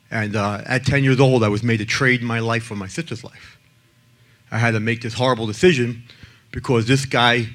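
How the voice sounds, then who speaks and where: A man speaks in blunt, emphatic personal testimony. His voice sits at an ordinary middle pitch. He pushes some lines out loudly and drops others to a near hush. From the Bronx, New York. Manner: blunt and emphatic, swinging between loud and hushed. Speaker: abuse survivor and advocate speaker.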